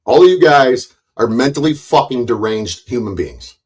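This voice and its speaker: Man, channel owner, heated stream rant, profane, sarcastic, mocking, forceful, mid-pitched voice. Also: expressive, normal speed, breathy edge. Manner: loud, forceful delivery that he calls passion.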